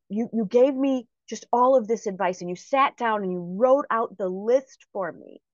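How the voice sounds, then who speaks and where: A woman voicing a grateful, excited young father in a gushing retelling within her talk. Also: mid-range voice, no echo, natural voice. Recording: dry, slightly muffled recording.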